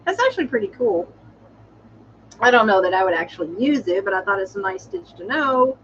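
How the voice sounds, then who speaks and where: A woman's voice: mid-range voice, sing-song, a little fast, a bit bright, slight background noise. A woman with a cold casually chatting on a livestream from home, meandering with lots of fillers and restarts. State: has a cold. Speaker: livestream host. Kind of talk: casual rambling livestream chat. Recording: slightly dull lo-fi audio.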